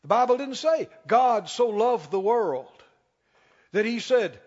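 A man preaching a sermon as pastor, emphatic, slowing down and rising on key lines. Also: very high voice, big pitch swings, darkish tone. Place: church sanctuary. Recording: dull sound with long hall reverb.

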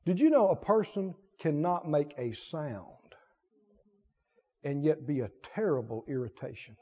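A man's voice: fairly high pitch, lively intonation, a little slow, mellow, husky. A male preacher delivering a sermon, firing rhetorical questions and repeating words for emphasis, on a dull lo-fi recording.

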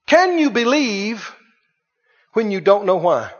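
High-voiced preacher in an echoing hall. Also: male voice, sing-song, takes it slowly. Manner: dynamic preaching, swinging between quiet and loud, rhetorical questions. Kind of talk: sermon. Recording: dull reverberant hall sound.

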